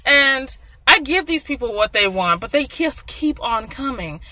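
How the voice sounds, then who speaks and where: Young woman, bright and lively, telling work stories casually. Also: high voice, measured pace, no echo. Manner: animated storyteller, voices people in her anecdotes, laughs often. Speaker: food service worker telling a story. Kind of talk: casual chat.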